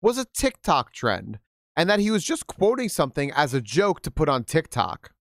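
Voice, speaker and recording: A man streaming a game and reading stories aloud to his chat, his voice sitting a little high and swinging widely in pitch. He talks candidly and swears freely, dropping laughing asides as he goes. The sound is close and dry, with no room around it. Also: sing-song, moderate pace, fairly bright tone, no room sound.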